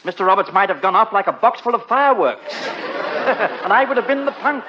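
A man's voice: sits high, expressive, brisk, crowd noise. A man playing a polite, dry-witted English butler in a 1940s radio comedy, recorded on a muffled old broadcast with hiss.

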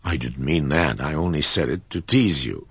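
A man's voice: rumbling low, lively intonation, normal speed, breathy edge, no room sound, lo-fi sound, pitched below the performer's own voice, full character voice. A man voicing a dry, teasing young man in a storybook reading.

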